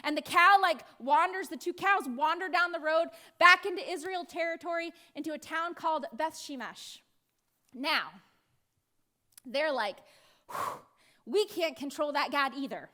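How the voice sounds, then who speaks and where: A woman's voice: very high-pitched, measured pace, pushed and bright. An American woman pastor preaching a sermon in a playful way, acting out voices now and then. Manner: playful, acts out voices with laughs.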